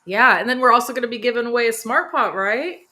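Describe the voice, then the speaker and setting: Bright, chatty woman gardening host. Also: a little high, fast. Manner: chatty, enthusiastic, frequent laughs and fillers. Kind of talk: live stream chat. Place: home near a sunroom.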